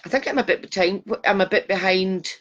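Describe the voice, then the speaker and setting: Woman, Glasgow Scottish accent, middle-aged, mid-pitched voice, chatty live stream host, self-deprecating. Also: fairly quick, a bit bright, lo-fi sound, a little hiss or hum. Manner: chatty, self-deprecating, greeting viewers by name. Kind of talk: casual live stream chat.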